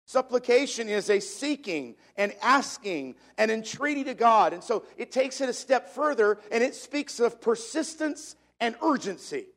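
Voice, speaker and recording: A man's voice: very high voice, very animated, normal speed, hardly any pauses, a bit bright. A man preaching a sermon to a congregation, repeating key phrases for emphasis in a preacher's cadence. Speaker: pastor.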